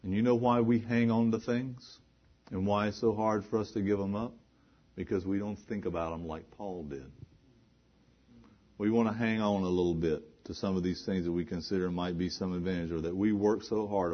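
Preaching a sermon, a man with a very deep voice drives his points home with repetition and rhetorical questions, keeping a steady tone at a moderate pace. The audio is dull and lo-fi, its upper frequencies muffled.

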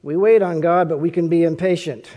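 A man's voice: on the high side, fairly even intonation, fairly quick, mellow. A man preaching a conversational sermon, often asking his listeners rhetorical questions.

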